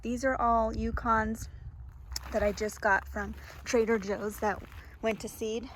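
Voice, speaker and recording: A woman's voice: a little high, flat delivery, unhurried, fairly bright tone, slight background noise. A woman vlogging casually as she tours her garden, chatty and laughing often, with many ums. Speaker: homestead vlogger. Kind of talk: casual garden tour vlog. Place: outdoor garden.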